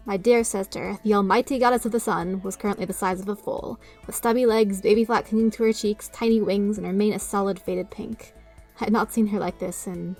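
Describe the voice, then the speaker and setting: A woman narrating a story in the first person, measured and dry, with a gravelly, creaky edge to her mid-pitched voice. Faint music plays beneath the reading. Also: fairly even intonation, a little mellow. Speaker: narrator and reader.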